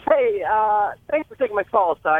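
A man calling in to a radio show with a hesitant question, full of pauses and fillers, heard over a phone line. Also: sits high, lively intonation. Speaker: caller.

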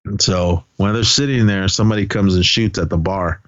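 A man's voice: low-pitched, steady tone, a little fast, dry recording. A man co-hosting a podcast, casually retelling a movie's plot and quoting its lines with a laugh now and then. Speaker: podcast co-host. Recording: dull lo-fi podcast audio.

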